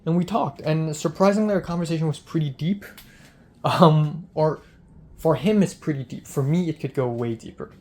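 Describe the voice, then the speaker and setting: A man's voice: on the high side, moderate pace, darkish tone. A young man, a film student, telling a casual vlog diary in a rambling way, full of "like" and retold bits of dialogue.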